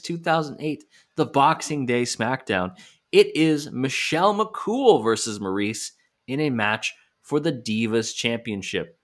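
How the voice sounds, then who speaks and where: A man co-hosting a casual podcast, his voice rising and falling a lot as he tells it playfully. He keeps his pitch in the middle range and talks with easy, joking energy. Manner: animated, playful storyteller. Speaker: podcast co-host. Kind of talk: casual recap chat.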